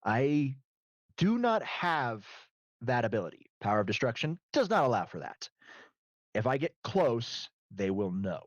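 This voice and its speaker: A cool, businesslike demon heir who gives orders without hurry, as a game master puts him on. Middle-pitched and dry, heard through dull lo-fi stream audio. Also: male voice, very animated, a little slow, no echo. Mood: composed. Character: composed demon heir and powerful boss.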